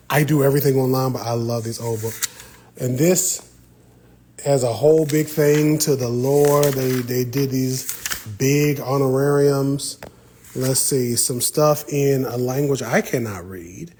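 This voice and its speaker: A man chats with his live-stream viewers in a relaxed, playful way, teasing them as he goes. His voice sits at an ordinary pitch and is picked up on a phone inside a quiet library, with a faint hiss in the background. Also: low-quality recording. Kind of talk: casual live-stream chat. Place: indoor library.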